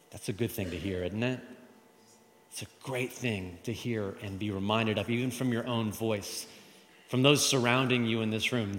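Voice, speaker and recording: A man preaching a sermon to a congregation, lively, calling them to repeat lines after him. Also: fairly low pitch, normal speed. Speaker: pastor. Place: church hall with congregation. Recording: long reverb of a large hall.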